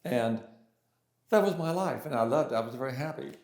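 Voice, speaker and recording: An older man speaks as an interview guest, recalling his past in a relaxed, halting way. He restarts his sentences often and fills the gaps with little hesitations. His mid-range voice carries a noticeable room echo. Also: medium pitch. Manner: hesitant, many restarts and fillers. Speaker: interview guest, pianist and composer. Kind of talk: casual storytelling in an interview. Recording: roomy echo.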